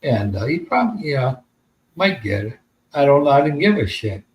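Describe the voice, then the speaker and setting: A man's voice: mid-range voice, big pitch swings, a little fast, rough recording. An American man telling a long, rambling story in casual podcast chat, with plenty of swearing. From United States. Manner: rambling, profane, laid-back. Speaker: podcast host.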